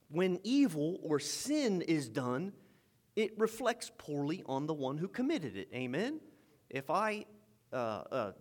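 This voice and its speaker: A man preaching a sermon with fervor, swinging from loud, emphatic lines to quiet asides and repeating phrases for effect. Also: a little high.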